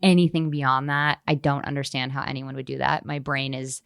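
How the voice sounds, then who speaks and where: Woman author guest, very low voice, dry close mic, candid and self-mocking. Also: level tone, normal speed, vocal fry, fairly bright tone, no echo. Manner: open and self-mocking, laughing mid-sentence. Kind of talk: candid podcast conversation.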